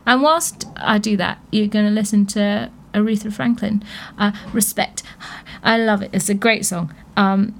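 A woman's voice: mid-range voice, steady tone, a little slow, vocal fry, a bit bright, slight background noise. A woman hosting a radio show, chatting casually with frequent laughs and thinking aloud. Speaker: radio host.

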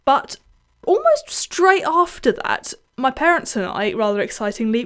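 A young woman presents her music radio show in a loose, chatty way. Her voice sits a little high, and she rambles happily and pokes fun at herself as she introduces listener picks and songs. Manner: chatty, self-deprecating, erratic.

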